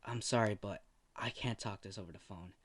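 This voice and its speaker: A man voicing a hesitant, soft-spoken male doctor in a spoken fan story. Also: fairly low pitch, brisk, pitched below the performer's own voice. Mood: somber.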